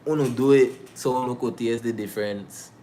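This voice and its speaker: A man's voice: medium pitch, fairly even intonation, normal speed, mellow, a little hiss or hum. A man from Bluefields, Nicaragua, with a Nicaraguan Creole English accent, answering viewer questions in a slangy, joking casual chat.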